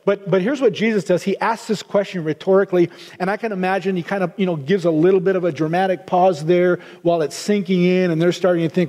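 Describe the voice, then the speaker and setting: Middle-aged male pastor, high and mellow, earnest sermon delivery with restarts; long hall reverb. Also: steady tone, fast, few pauses. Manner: earnest, repeats words while restarting.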